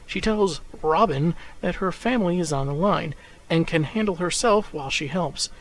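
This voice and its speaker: A man's voice: fairly high pitch, moderate pace, a little hiss or hum, poor audio. A man recapping comic book issues in scripted narration, with dry, sarcastic asides.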